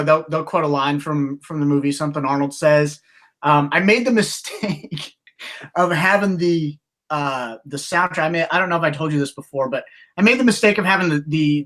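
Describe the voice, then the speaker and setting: A man co-hosts a podcast in relaxed conversation. His voice sits a little high and rings bright and forceful. He talks in halting bursts, restarting phrases and slipping into animated voices for the people in his stories. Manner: halting storytelling with many restarts; animated, acts out quotes. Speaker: podcast co-host. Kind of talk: casual podcast chat.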